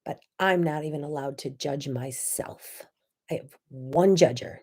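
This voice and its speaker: Woman hosting a faith show to camera, preachy and blunt, pokes fun at herself, gets loud then goes quiet. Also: low voice, measured pace. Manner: fiery and preachy, swings between loud outbursts and hushed asides; candid and self-deprecating. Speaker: host of a faith talk show. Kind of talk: impassioned faith talk to camera.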